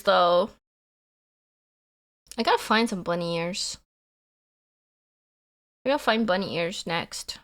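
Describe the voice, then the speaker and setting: A young woman streamer with a mid-range, fairly bright voice chats casually with viewers in a theatrical way. She swings between mock sobbing and laughing.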